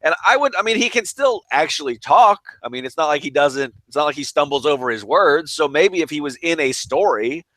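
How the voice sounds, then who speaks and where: A man talking wrestling on a podcast, quick and hedging, filling his points with "I mean." His voice is bright and slightly high. The sound is close and dry. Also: animated, dry recording. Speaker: podcast co-host. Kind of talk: casual wrestling chat.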